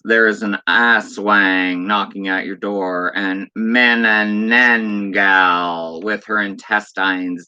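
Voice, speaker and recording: A man's voice: low-pitched, sharp tone, no room sound. A man hosting a horror livestream, reading viewers' chat messages aloud and teasing them with spooky lines. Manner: playful, spooky teasing of chatters. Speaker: livestream host.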